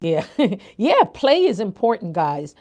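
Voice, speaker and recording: Older jamaican lady chatting on a livestream, mellow voice, laughs a lot. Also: mid-range voice, very animated, slow pace. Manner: chatty, warm asides to viewers, laughs often. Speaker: nurse coach and livestream host. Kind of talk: casual livestream chat.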